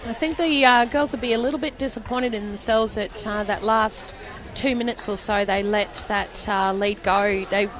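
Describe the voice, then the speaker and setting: A woman's voice: medium pitch, steady tone, moderate pace, few pauses. Woman giving netball analysis. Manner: analytical, agreeable, laughs easily. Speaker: expert co-commentator, netball coach. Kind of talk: live sports commentary. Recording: noisy court ambience behind.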